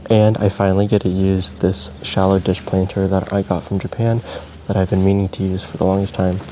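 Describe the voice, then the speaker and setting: A man vlogging about plant care in a relaxed, meandering casual chat while potting plants, with frequent ums and likes. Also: deep voice, a little fast, a little hiss or hum.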